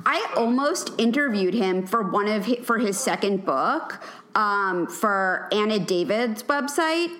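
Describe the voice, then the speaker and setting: A woman's voice: mid-range voice, animated, a little slow, a bit bright. A woman guest on a podcast, chatting casually and using many fillers. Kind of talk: casual chat.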